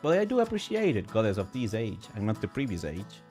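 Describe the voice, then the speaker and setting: A male streamer chatting emotionally and excitably while gaming, with sudden high outbursts. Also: brisk, faint music behind. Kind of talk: casual live-stream chat while gaming.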